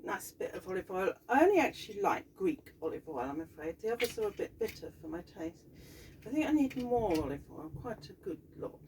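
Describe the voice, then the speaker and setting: A woman's voice: fairly low pitch, sing-song, fairly quick, darkish tone. A woman with a Southern English accent, a piano teacher chatting casually in a rambling, easygoing cooking vlog from her home kitchen. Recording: distant mic, faint background noise.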